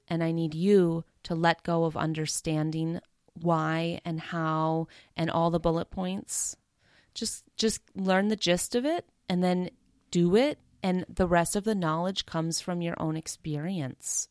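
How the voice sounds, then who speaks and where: A woman hosting a solo podcast, talking in a casual, confessional way and speeding up into rapid strings of promises. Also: on the low side, fairly even intonation, darkish tone, clear, resonant tone, no room sound, studio quality. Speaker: podcast host.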